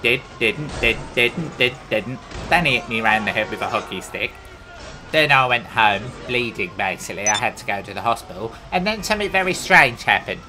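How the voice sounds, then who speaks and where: Cockney bloke chatting nonsense over gameplay, full of himself, music playing behind. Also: male voice, lowish voice, big pitch swings, brisk, pushed and bright, low-quality recording. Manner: boastful, absurd, chatty tangents. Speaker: gaming comedy host. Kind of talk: rambling comic monologue over gameplay.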